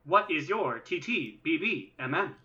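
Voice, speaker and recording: A man's voice: fairly high pitch, big pitch swings, unhurried, bright, forceful tone, highs cut off. A man hosting a casual gaming podcast, drawing out his segment intros like an announcer. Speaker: podcast host.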